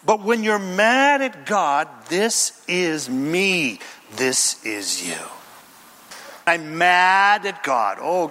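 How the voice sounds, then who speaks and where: A man preaching in a church, his voice high and bright, leaping up and down in lively swings. He acts out the lines he quotes and throws questions to the congregation. A long reverb trails after him. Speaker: pastor. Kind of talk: sermon.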